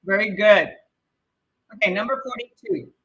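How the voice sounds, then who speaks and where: A woman's voice: medium pitch, normal speed, fairly bright tone, slightly rough, muffled recording. A woman with a Mexican Spanish accent teaching a live-streamed exam prep lesson, chatty and encouraging, often checking in with "okay?". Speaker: real estate exam prep instructor.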